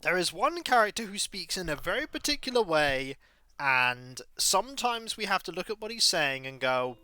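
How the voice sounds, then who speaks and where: A man streaming a game, chatting casually and telling stories in an animated, chatty way. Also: sits high, moderate pace, no echo. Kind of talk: casual chat while playing a game.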